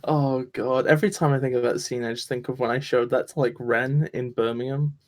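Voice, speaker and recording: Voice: medium pitch, fairly quick. Sweary streamer with a mild northern English accent. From north of England. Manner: swearing, animated storytelling. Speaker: streamer co-host. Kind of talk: casual chat over a game stream.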